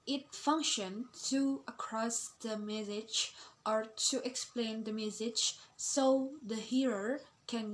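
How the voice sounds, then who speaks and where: Slow, hesitant young woman. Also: fairly high pitch, low-quality recording. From Indonesia. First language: Indonesian. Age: young adult. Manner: hesitant, with frequent pauses and fillers. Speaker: student presenter. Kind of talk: explaining a class assignment.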